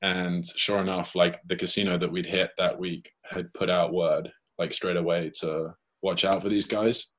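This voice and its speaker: A man with a British accent, a guest telling a lively anecdote in casual chat and acting out the quoted lines. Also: low voice, normal speed, few pauses. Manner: lively anecdote, acts out his own and others' quoted lines. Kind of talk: casual storytelling.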